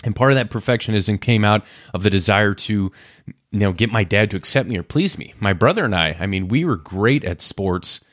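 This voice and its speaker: A man's voice: lowish voice, lively intonation, brisk, fairly bright tone, no room sound, clean studio sound. A man in his thirties hosting a podcast, talking candidly and reflectively about his own past and acting out his inner voices. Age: 30s. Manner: candid, self-searching, acts out inner voices. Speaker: podcast host. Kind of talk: personal reflective monologue.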